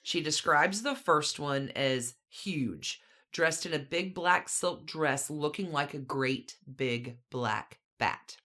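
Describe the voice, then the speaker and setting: A woman with a low voice tells a story in a relaxed, conversational way. She is a podcast co-host who adds dry asides as she goes. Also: takes it slowly. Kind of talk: casual storytelling.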